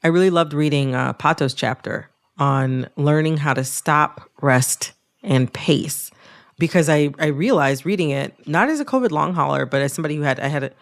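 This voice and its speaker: A woman hosting a public radio interview, speaking in a thoughtful, personal and measured way. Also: sits low. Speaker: podcast host.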